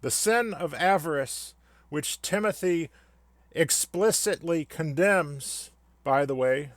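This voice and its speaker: Slow sarcastic man, dry close voice. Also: fairly high pitch, expressive, no echo. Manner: sarcastic, mock-solemn. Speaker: satirical commentator. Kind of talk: scripted comedic rant.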